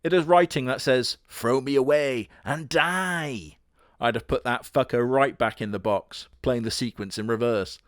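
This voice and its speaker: Guy doing snarky crude commentary, dry close sound, deadpan. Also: mid-range voice, normal speed, hardly any pauses, clear, resonant tone, no room sound. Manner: sardonic, crude, deadpan jokes with put-on quote voices. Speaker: host. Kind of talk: comedic commentary narration.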